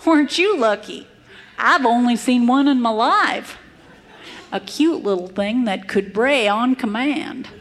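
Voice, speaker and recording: A woman's voice: on the high side, measured pace, long reverb tail, lightly acted. A woman voicing an old male Western mule packer who brags in a drawling, folksy cowboy manner. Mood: folksy bragging.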